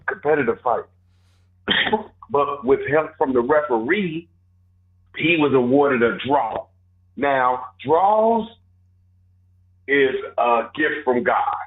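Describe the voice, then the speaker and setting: A man co-hosting casual sports talk, joking and exaggerating in an animated way. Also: medium pitch, narrow, tinny audio. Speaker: co-host.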